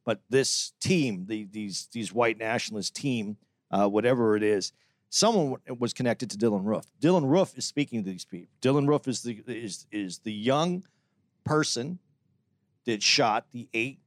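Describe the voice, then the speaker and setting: A man's voice: mid-range voice, animated, moderate pace, dry recording. A man with a mid-range voice co-hosting a podcast, holding forth in long, opinionated turns. He circles back and restarts his sentences as he builds an argument. His voice sounds dry and close to the mic, with no room sound. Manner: opinionated, talks at length with restarts. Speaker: podcast co-host. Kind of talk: casual chat.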